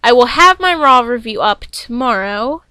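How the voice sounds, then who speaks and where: Chatty, rambling young woman with a bright voice. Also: a little high, moderate pace, clean tone, no echo. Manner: rambling and chatty, with many fillers and restarts; excitable and self-deprecating. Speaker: wrestling fan vlogger reviewing a show. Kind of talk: casual excited recap.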